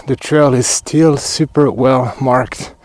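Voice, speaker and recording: A French-accented hiking vlogger chats his way along an outdoor trail on a cold day, pointing things out as he films and dropping quiet muttered asides. He's slightly out of breath, with a middling pitch and an unhurried pace. The recording is low quality, without echo.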